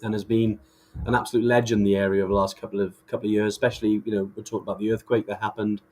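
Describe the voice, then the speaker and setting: A man's voice: lowish voice, level tone, racing, a little mellow. A man co-hosting a podcast in casual chat, enthusiastic and rambling with many restarts. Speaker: podcast co-host.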